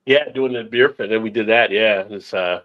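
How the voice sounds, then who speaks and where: A man's voice: fairly low pitch, normal speed, highs cut off. A man hosting a casual chat show, reading viewer comments aloud, rambling and laughing often. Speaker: show host.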